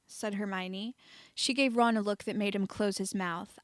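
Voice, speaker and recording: A woman narrating a fan-fiction story in a quiet, measured reading. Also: mid-range voice, fairly even intonation, no echo, clean studio sound. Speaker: audiobook reader.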